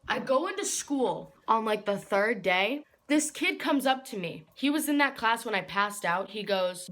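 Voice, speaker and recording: A teenage girl vlogging, telling a story to the camera in a chatty way, filling her speech with "like" and getting loud and indignant at the dramatic parts. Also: on the high side, animated, moderate pace, hardly any pauses. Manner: chatty, fills every phrase with "like".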